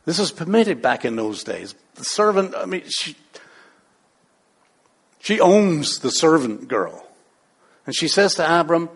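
Male pastor, high voice, playful, conversational sermon with rhetorical questions. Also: sing-song, measured pace, pauses often, slightly rough.

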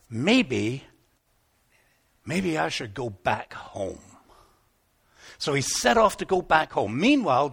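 A pastor tells a Bible story to children in church, keeping them in it with questions. His voice sits high and moves with lively energy. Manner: animated, asks the children questions.

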